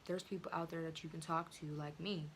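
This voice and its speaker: A woman's voice: sits low, steady tone, fast. Chatty teen girl, noisy recording. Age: teens. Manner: chatty, lots of fillers and slang. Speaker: vlogger. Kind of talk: casual storytime.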